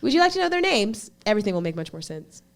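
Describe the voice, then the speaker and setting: Animated, joking woman podcast host. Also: mid-range voice, fast talker. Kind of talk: casual chat.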